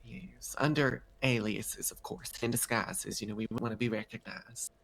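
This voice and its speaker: A woman's voice: very deep voice, steady tone, moderate pace, creaky, no room sound. A woman speaking in character in a roleplay game, genteel and refined, calling others darling.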